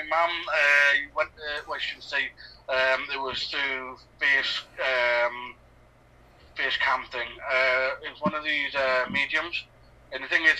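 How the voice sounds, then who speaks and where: A man's voice: medium pitch, sharp tone, recorded from a distance, low-quality recording. A man with a Northeast English accent, co-hosting a casual film commentary podcast and rambling with lots of fillers and firm opinions. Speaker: podcast co-host.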